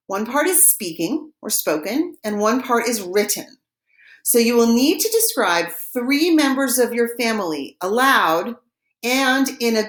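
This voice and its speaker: Woman teacher with a lively, echoey voice. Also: a little high. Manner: patient, repeats each word slowly for practice. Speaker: French teacher. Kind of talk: recorded vocabulary lesson.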